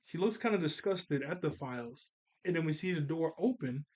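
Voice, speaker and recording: A man reviewing a cartoon episode in a casual, excited recap, rambling with fillers and laughing as he retells it. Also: on the high side, normal speed. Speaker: show reviewer.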